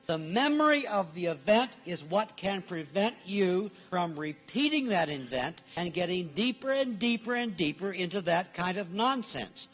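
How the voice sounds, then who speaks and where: A man's voice: high-pitched, a bit bright. A male minister delivering a sermon in a church, emphatic, repeating his key phrases and acting out the people he quotes.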